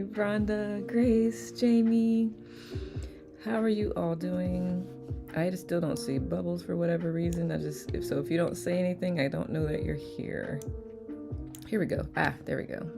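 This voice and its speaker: A woman hosting a live online study session, greeting viewers by name in a relaxed, chatty way with a calming voice. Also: lowish voice, vocal fry. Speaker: live-stream host of a letting-go study group. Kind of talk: casual livestream greeting chat.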